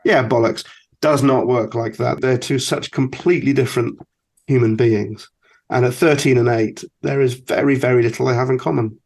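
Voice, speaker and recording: A man in his forties hosting a podcast, asking questions in a thoughtful, halting way. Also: mid-range voice, steady tone, creaky, darkish tone. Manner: thoughtful, halting, many restarts. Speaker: podcast host. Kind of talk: interviewing, casual chat.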